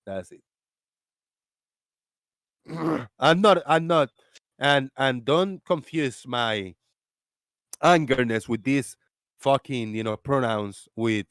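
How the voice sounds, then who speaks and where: A man's voice: medium pitch, no echo, studio quality. A man hosting a casual live voice chat, ranting, swearing freely and often breaking into laughter, heard through an online call. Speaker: host.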